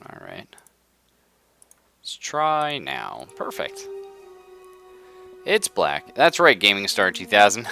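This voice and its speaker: A young man live-streaming a strategy game, hoarse from being sick, ranting in casual chat and laughing often. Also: on the low side, wildly swooping pitch, slow pace, pauses often, sharp tone, soft background music. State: hoarse from illness. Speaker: livestreamer.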